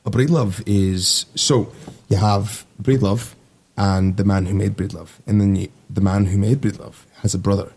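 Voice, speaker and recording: A man's voice: fairly low pitch, fairly even intonation, normal speed, few pauses, a little mellow, slight background noise. A man in his twenties, a navy sailor telling stories as a guest in a casual podcast conversation, rambling and easygoing with lots of fillers. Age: 20s.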